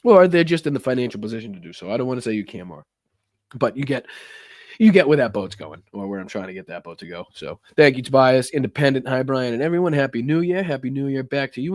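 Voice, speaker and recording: A man's voice: medium pitch, animated, fast, dry recording. Chatty Boston-accented man hosting a stream. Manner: chatty, rambling, thanks viewers by name; swears casually. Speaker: live stream host. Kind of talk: casual live stream chat.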